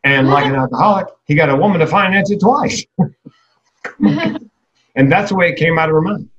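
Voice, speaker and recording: A man's voice: on the high side, lively intonation, normal speed, lo-fi sound. Man joking darkly in a keynote. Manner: candid, dark self-deprecating humor. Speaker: keynote speaker and comedian. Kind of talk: comedic keynote talk.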